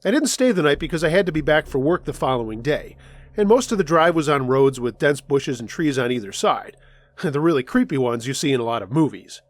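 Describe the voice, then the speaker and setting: A man narrating first-person scary road stories in a scripted storytelling style, dropping his voice low for tense moments. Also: big pitch swings, fairly quick. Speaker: storyteller reading listener stories. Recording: faint music underneath.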